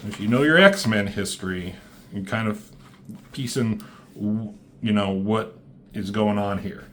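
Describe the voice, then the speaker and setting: A man casually recapping a comic issue, rambling and reading panels aloud with quick voiced quotes and casual swearing. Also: medium pitch, a bit bright. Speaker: comic book reviewer.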